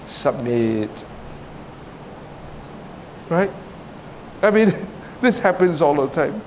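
A man's voice: sits high, measured pace, a little mellow, a little hiss or hum. A middle-aged man from Singapore with a Singaporean English accent, preaching a sermon in a conversational way, often checking with the congregation and laughing between points.

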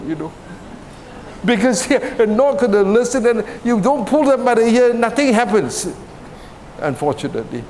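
A man preaching in a conversational way, often asking "right?" and telling jokes, in a large hall. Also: a little mellow. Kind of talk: sermon. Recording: reverberant hall with faint rumble.

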